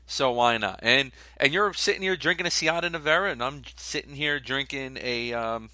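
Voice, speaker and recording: A man's voice: medium pitch, moderate pace, pushed and bright, dry recording. A man with a Philadelphia-area accent co-hosting a casual sports podcast, laid-back and joking, with lots of fillers and restarts. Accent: Philadelphia-area American. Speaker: podcast co-host.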